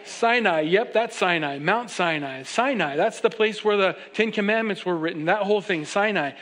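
A pastor with a high, light voice delivers a sermon in a church. He moves between reading scripture and playful, animated asides where he acts out the characters, and he keeps a casual, joking tone with his congregation. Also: moderate pace. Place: church sanctuary.

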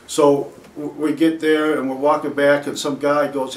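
A man's voice: on the high side, flat delivery, moderate pace, recorded from a distance. A man being interviewed, telling a casual anecdote in a rambling, profane way, breaking off and restarting his sentences. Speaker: interview guest. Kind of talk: casual storytelling. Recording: echoey room, voice from away from the mic.

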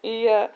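A woman's voice: fairly high pitch, fairly bright tone. A woman in casual chat, telling rambling, gossipy stories full of restarts. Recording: dull lo-fi recording.

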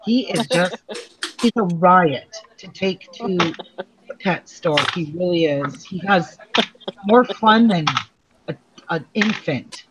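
This casual craft tutorial features a middle-aged Canadian woman quilting at home, chatting, laughing a lot and sharing stories while she sews. Her fairly low voice has lively intonation, though she talks slowly with long pauses. The audio is dull and lo-fi, with a bit of noise.

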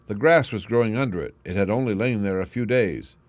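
Man reading as a sharp confident detective, crisp brisk deductions, audiobook, dry close sound. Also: lowish voice, no room sound, lightly acted. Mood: assured. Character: sharp, confident male detective, lively and assured.

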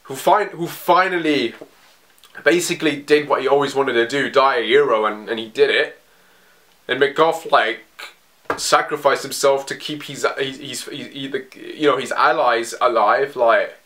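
A man giving casual reaction commentary on a comic, emotional and excitable, rambling with many restarts. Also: mid-range voice, a little slow. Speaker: manga reaction vlogger. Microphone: phone.

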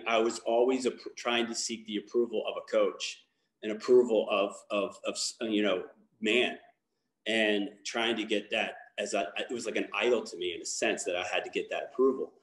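A man's voice: on the low side, fairly bright tone, echoey room. A man from Baltimore giving a candid personal testimony as a guest speaker, talking in a rambling way with many fillers and restarts. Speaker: guest speaker, lacrosse coach.

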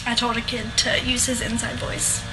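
A young woman livestreams from her home apartment as an online seller, chatting casually with viewers, giggling often and filling her talk with likes and ums. Her slightly high voice is flat and moderately paced, heard over music on a rough recording.

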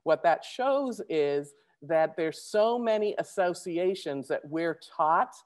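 A woman giving a conference presentation, talking fast with many restarts and fillers. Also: lowish voice, expressive, a little mellow.

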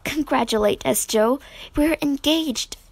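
A woman voicing a shy, gentle young male tutor in a storybook reading. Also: high voice, unhurried, gravelly, dry recording, voice pushed up. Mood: tender.

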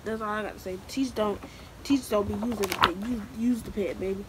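A woman's voice: medium pitch, fairly even intonation, fast talker, very noisy. Emphatic young woman giving frank advice. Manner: emphatic and preachy, keeps calling the viewer "baby"; repeats phrases for emphasis. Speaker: vlogger giving advice to new students. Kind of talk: casual advice monologue to camera.

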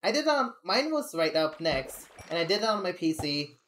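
A woman's voice: on the low side, very animated, normal speed, a bit bright, a little hiss or hum. A young adult woman streaming, chatting casually and venting candidly, rambling with frequent laughs. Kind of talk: casual live-stream chat.

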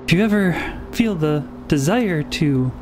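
A man's voice: on the high side, expressive, measured pace, over loud music. A man speaking in character in a tabletop game, polite and dry, sometimes correcting his own words. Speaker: player. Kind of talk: casual in-character play.

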